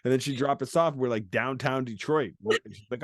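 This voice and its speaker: A man's voice: medium pitch, a little fast, no room sound, clean studio sound. A man, a podcast host, telling a road-trip story in casual chat, swearing freely and acting out the people he met. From Canada. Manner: animated storytelling, acts out quoted people, swears a lot.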